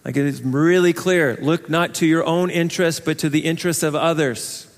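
A man preaching a sermon as pastor, talking in a conversational, animated way and acting out little voices. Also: fairly high pitch, moderate pace, long reverb tail. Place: church sanctuary.

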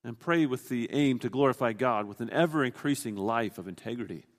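A man of medium pitch speaks a little fast, his voice trailing into a long reverb tail. Teaching earnestly from a scripture passage in his sermon, he frequently starts sentences over.

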